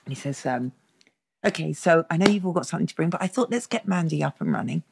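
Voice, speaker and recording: A middle-aged woman tells her story in an interview, speaking bluntly, swearing freely and laughing often. Her voice has a gravelly, creaky edge, and she slips into the voices of the people she quotes. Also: sits low, animated, fast, background noise. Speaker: therapist, interview guest. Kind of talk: candid storytelling in a conversational interview.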